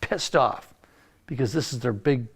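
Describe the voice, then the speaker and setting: An older man, a music producer, telling animated anecdotes in a casual interview and acting out the lines of the people he quotes. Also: mid-range voice, a little slow, creaky, husky. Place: recording studio.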